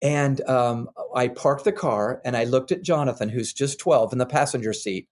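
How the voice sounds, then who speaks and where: An older man, a parenting expert, telling earnest, animated anecdotes as a guest in a candid interview. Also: medium pitch, moderate pace.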